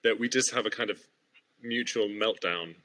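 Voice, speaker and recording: A man's voice: fairly low pitch, normal speed, sharp tone, poor audio. An English man, an actor guest on a video-call panel, chatting in a self-deprecating way and laughing as he talks. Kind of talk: casual panel chat.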